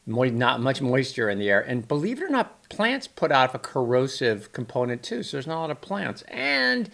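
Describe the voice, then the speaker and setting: A man's voice: medium pitch, big pitch swings, moderate pace, vocal fry, a bit bright. A middle-aged man from Northern California giving a rambling, enthusiastic weather forecast from home. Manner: rambling, chatty, enthusiastic asides. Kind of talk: casual forecast chat.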